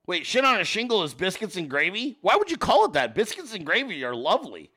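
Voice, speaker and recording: A man hosting a livestream, talking in a loose, profane, sarcastic way straight to his audience. His voice sits a bit high and swings widely in pitch. It has a bright, forceful edge. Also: wildly swooping pitch, brisk, slightly rough. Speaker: livestream host. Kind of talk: casual livestream chat reacting to viewer pictures.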